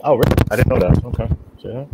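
A man's voice: mid-range voice, fast, heavy background noise. A man hosting a casual group chat, joking and teasing with crude humor.

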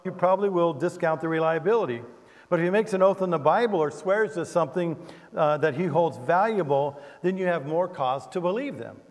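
Older male pastor preaching in a reverberant hall. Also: a little high. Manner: animated preaching with humorous asides. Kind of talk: sermon. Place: church sanctuary.

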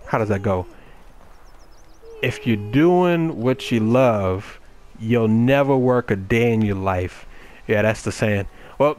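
A young man giving casual, joking let's-play commentary, talking back to game characters in a folksy drawl. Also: mid-range voice. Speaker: gameplay commentator.

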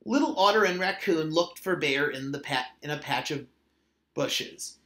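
A man reading a children's picture book aloud in a gentle, measured way. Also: on the high side, expressive. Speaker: storyteller. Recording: roomy echo.

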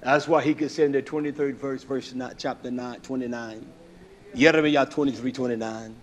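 A man's voice: medium pitch, steady tone, normal speed, a little hiss or hum. A man preaching a sermon, telling folksy stories and acting out the quoted dialogue.

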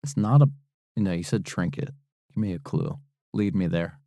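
Deep laid-back cussing man. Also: normal speed, dark tone, no room sound, clean studio sound. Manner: laid-back, swears freely. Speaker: podcast co-host answering trivia. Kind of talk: casual banter.

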